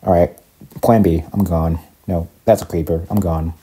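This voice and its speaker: A young man giving casual, excitable commentary while playing a block-building game, often panicking and talking to his viewers. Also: sits low, moderate pace, background noise. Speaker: gaming YouTuber. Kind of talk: casual Minecraft let's play commentary.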